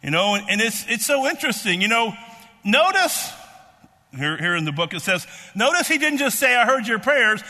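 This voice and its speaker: A man preaching a sermon in a halting, repetitive way with many fillers, reading and explaining a Bible passage. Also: extremely high pitch, sing-song, sharp tone, big-room sound.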